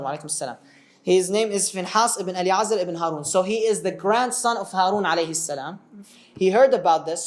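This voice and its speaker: Casual, digressive male storyteller. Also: high-pitched. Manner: conversational, digressive, checks in with the listener. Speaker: teacher of religious stories.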